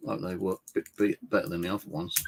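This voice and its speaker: A man streaming live from his flat as a ghost hunter, muttering to himself between calls out to spirits. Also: low-pitched, quick pace, vocal fry, slight background noise, low-quality recording. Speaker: paranormal investigator streaming live. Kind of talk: casual live-stream monologue. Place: at home in his flat, indoors.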